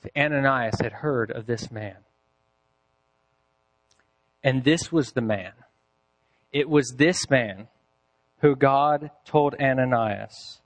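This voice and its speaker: A man preaching a sermon, telling a story with deliberate pacing and dramatic pauses. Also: mid-range voice. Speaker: pastor.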